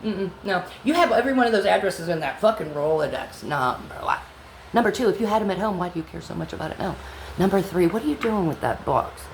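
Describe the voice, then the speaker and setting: A woman telling an angry personal story in a blunt, profane vlog monologue that sometimes drops to a low whisper. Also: creaky. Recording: echoey room with faint background hum.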